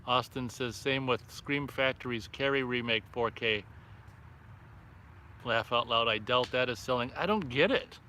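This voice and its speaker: A man's voice: medium pitch, unhurried, sharp tone, slight background noise. A man hosting a casual live stream outdoors by a fire at night, reading viewer comments aloud and reacting offhandedly. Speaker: livestream host reading chat.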